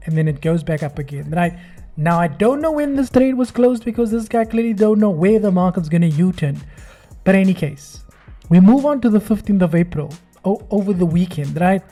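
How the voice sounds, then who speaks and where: Mellow-voiced man, sarcastic commentary. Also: high-pitched, moderate pace, soft background music. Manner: sarcastic, mocking, acts out voices of others. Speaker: trading video host. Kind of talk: screen-recorded commentary.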